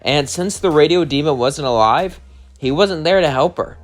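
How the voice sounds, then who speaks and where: A man's voice: fairly high pitch, moderate pace, faint music behind. A man narrating a fan-made what-if story in a rambling way, with restarts.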